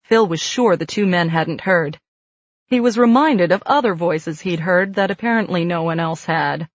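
A woman reads a novel aloud with calm, steady pacing in a lowish voice. The recording is dry and slightly dull. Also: moderate pace, dry recording. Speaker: audiobook narrator. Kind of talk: scripted narration. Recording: dull dry studio read.

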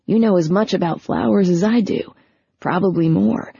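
A woman's voice: mid-range voice, moderate pace, creaky, warm tone, breathy edge, no echo. A woman voicing an eager, persuasive young man who talks in a breezy, coaxing way, in a storybook reading. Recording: dull lo-fi recording.

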